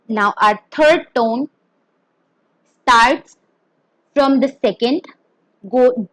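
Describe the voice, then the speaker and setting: A woman with a somewhat high voice gives a beginner Mandarin pronunciation lesson at a very unhurried pace. She explains step by step and sounds out each tone. The sound is close and dry. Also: no room sound, poor audio. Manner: careful, demonstrates tones. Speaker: Mandarin teacher. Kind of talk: slow pinyin lesson.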